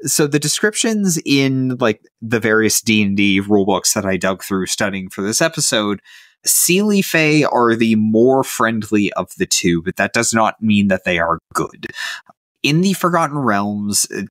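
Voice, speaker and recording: A man's voice: lowish voice, big pitch swings, a little slow, fairly bright tone, dry recording, studio quality. A man co-hosting a podcast in casual chat, amused and chatty. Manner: chatty, amused, many "like" fillers. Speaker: podcast co-host.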